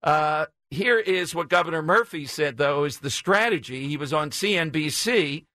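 A man's voice: a little high, lively intonation, moderate pace, sharp tone, no echo. A man hosting a talk radio show, blunt, combative and sarcastic. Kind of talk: opinionated talk radio monologue.

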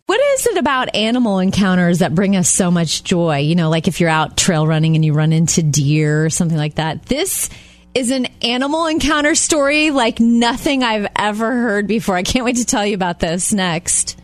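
Animated female co-host, mid pitch, dry studio sound. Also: moderate pace, no echo. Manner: animated storyteller, lively. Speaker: radio co-host. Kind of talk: casual chat.

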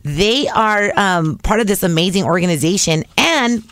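A woman co-hosting a podcast in casual chat, with a raspy voice, chatty and laughing often, slipping Spanish phrases into her talk. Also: mid-range voice, lively intonation, moderate pace, a bit bright. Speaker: podcast co-host.

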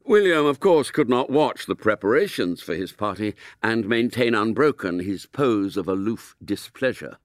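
Man, storybook narration, mock-solemn, lively intonation, dry close sound. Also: on the low side, normal speed, hardly any pauses, dry recording. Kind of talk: storybook reading aloud.

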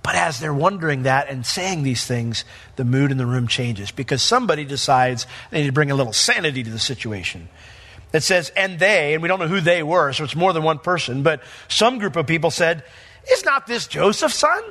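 Bright-voiced emphatic male pastor. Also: fairly high pitch, fairly quick. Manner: emphatic, animated, acts out quotes. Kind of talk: verse-by-verse sermon.

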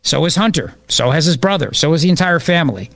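A man's voice: on the high side, lively intonation, quick pace, fairly bright tone. A man hosting a political talk radio show, riffing sarcastically on the news.

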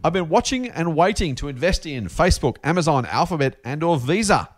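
Middle-aged Australian man, podcast co-host, rapid and enthusiastic, reads mail aloud. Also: on the high side, expressive. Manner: chatty, enthusiastic, reads listener questions aloud. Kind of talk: casual investing podcast chat.

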